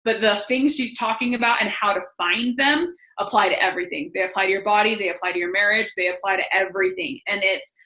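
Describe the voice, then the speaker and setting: A woman's voice: mid-range voice, fast talker, hardly any pauses, pushed and bright. A young woman giving a casual motivational talk on a team call, enthusiastic and chatty, with many "like" fillers. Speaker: guest speaker on a team call. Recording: echoey room.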